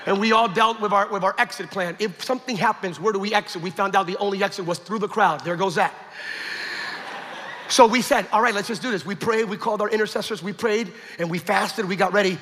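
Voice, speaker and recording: A man preaching a sermon, telling a story with acted-out quotes and building to shouts. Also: high voice, a little fast, a little hiss or hum. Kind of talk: sermon testimony. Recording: echoey hall with long reverb.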